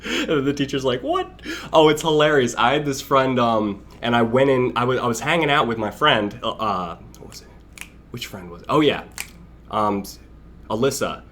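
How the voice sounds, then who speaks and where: A man's voice: medium pitch, moderate pace, fairly bright tone. Chatty young man hosting a live stream. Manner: rambling, chatty, greets chat by name, laughs often. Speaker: livestream host. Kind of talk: casual live stream chat.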